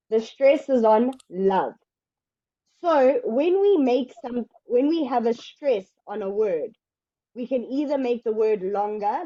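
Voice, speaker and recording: A woman teaching English one-on-one, explaining slowly and patiently. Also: a little high, no echo, highs cut off. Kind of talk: one-on-one online English lesson.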